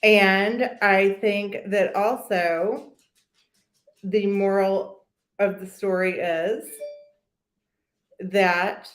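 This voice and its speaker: A woman's voice: medium pitch, fairly even intonation, extremely slow, pauses often, echoey room. A woman hosting a live stream in a casual, blunt, profane, gossipy way.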